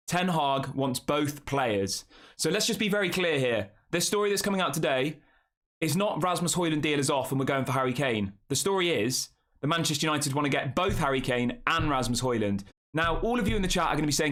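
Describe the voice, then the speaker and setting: A man's voice: fairly high pitch, lively intonation, brisk, a bit bright. A young man hosting a casual football live stream, chatting and talking straight to his viewers. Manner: chatty, addresses the chat as guys. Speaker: football channel host.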